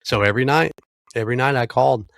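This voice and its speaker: A man's voice: medium pitch, fast talker, vocal fry, fairly bright tone. A middle-aged American man, a podcast co-host, telling a family story in casual chat and swearing freely. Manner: storytelling, swears freely, acts out quoted lines.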